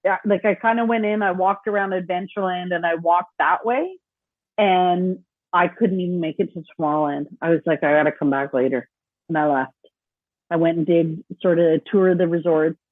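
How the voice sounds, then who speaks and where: A woman's voice: lowish voice, steady tone, fairly quick, no echo. A woman co-hosting a podcast, chatting casually, often laughing and acting out quoted voices. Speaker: podcast co-host. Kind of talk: casual chat. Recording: tinny phone-like remote line.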